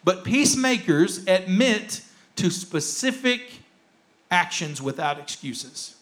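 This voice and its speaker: A man's voice: high-pitched, a bit bright. A male pastor preaching a sermon, emphatic and repetitive, acting out the excuses people make. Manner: emphatic, repeats key phrases, acts out quoted excuses. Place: church.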